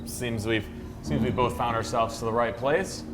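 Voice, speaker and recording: A man voicing a glib, smooth-talking male adventurer in a tabletop game. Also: medium pitch, normal speed, over music, voice pushed up, natural voice.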